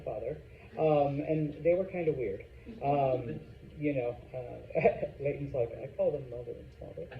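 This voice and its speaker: Joking Spanish teacher in an echoey classroom. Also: male voice, a little high. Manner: joking, chatty, often asks "okay?". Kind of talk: classroom lecture. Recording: tinny, echoey classroom recording with faint hiss.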